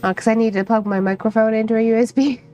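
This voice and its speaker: A woman's voice: on the high side, fairly even intonation, quick pace, soft background music. A young woman streaming a visual novel, chatting casually and reading the narration aloud with frequent laughs. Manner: chatty, laughs often, reads narration softly.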